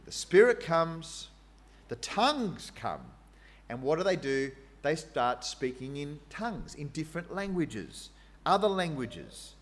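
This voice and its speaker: A man preaching a sermon in an animated, conversational way, with fillers and asides. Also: a little high, measured pace.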